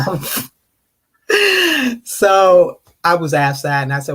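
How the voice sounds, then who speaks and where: Hosting a live online discussion panel, an American who is slightly tipsy from wine greets and answers viewers in casual chat. The mid-range voice moves slowly, and stories come alive through mimicry, with others' rude questions performed in mocking voices.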